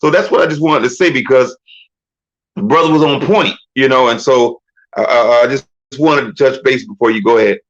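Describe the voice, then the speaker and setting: A man's voice: mid-range voice, a little fast. A man speaking earnestly in a casual panel discussion, often restarting as he searches for words. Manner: earnest, repeats himself while searching for words. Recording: dull lo-fi audio.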